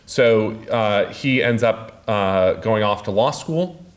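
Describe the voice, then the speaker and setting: A man giving a public talk as an author, speaking haltingly with many filler sounds. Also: fairly low pitch. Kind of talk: public lecture.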